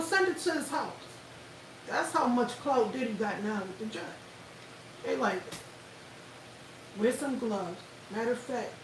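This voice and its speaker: Woman livestream host; loud, blunt, profane commentary, recorded off-mic with faint hiss. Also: fairly high pitch, reverberant, recorded from a distance, poor audio. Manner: loud, animated, blunt and profane, addresses viewers directly.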